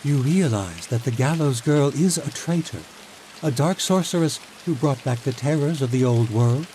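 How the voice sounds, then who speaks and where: A man plays a scheming, ruthless chancellor, his voice raised somewhat above his natural low register. He speaks smoothly, darkly amused and quietly menacing. Clear steady rain falls behind him. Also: moderate pace, slight background noise, close to an everyday voice, rough recording. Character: cunning, cold middle-aged male chancellor.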